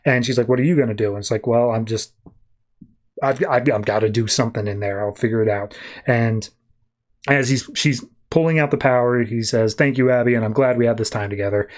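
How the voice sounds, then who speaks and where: A man hosts a comics podcast and retells the plot of an issue in a loose, chatty way. He jumps into quick quoted lines for the characters as he goes. His pitch sits in a middle range for a man. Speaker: podcast host. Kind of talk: casual comic book recap.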